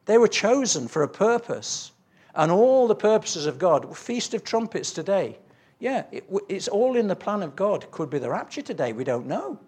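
A man's voice: high-pitched, a little mellow, slightly rough. A man preaching a sermon, earnestly telling stories with quoted dialogue and reading scripture aloud.

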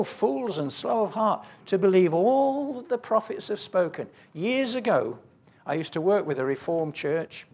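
Guy preaching a sermon, high lively voice, earnest, reads scripture out. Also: husky. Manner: earnest, storytelling with quoted dialogue and scripture reading.

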